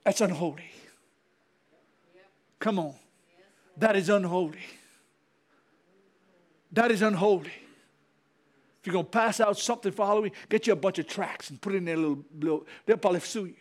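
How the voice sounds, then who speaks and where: A man's voice: high voice, moderate pace, pauses often. A man preaching a fiery sermon as pastor, repeating himself and calling out to the congregation.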